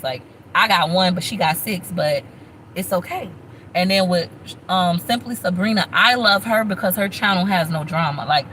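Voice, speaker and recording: A woman, chatting casually on a live stream, thanking viewers warmly and sharing her own story. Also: medium pitch, a little hiss or hum, poor audio. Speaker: YouTube vlogger on a live stream.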